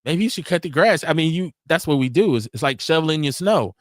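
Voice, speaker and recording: A man's voice: fairly high pitch, expressive, fast talker, no room sound, clean studio sound. A man hosting a live online talk show, speaking bluntly and casually with lots of slang and animation. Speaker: host. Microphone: video call.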